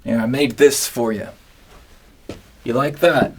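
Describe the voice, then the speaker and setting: A man hosting an absurd comedy monologue, rambling and deadpan. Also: medium pitch, slow pace, slightly rough. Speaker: comedian host.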